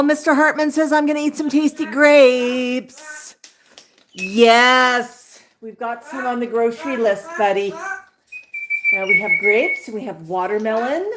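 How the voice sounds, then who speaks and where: A woman's voice: a little high, lively intonation, slow pace, a bit bright. Doting woman cooing to her parrots. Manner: doting, baby-talk to birds. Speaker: pet parrot owner. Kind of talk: casual talk to pet birds. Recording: echoey room with clear noise.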